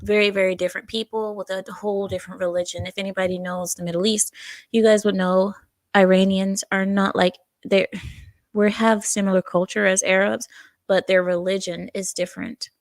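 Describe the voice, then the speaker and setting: A woman's voice: medium pitch, level tone, fairly quick, dry recording. A woman co-hosting a casual political talk stream, reading viewer comments aloud, a little out of breath and searching for words as she goes.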